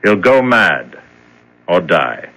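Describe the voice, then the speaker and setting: Very deep, slow, detached overseer, radio play. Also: male voice, big pitch swings, bright, forceful tone, exaggerated voice, rough recording. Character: calm, detached older male overseer. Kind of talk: 1970s radio drama acting.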